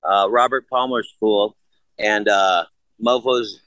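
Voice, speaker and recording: A man's voice: on the low side, steady tone, slow, a bit bright, dry recording, low-quality recording. Blunt, profane older man telling stories. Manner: blunt and profane, rambling storyteller. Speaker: guest. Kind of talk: casual interview chat.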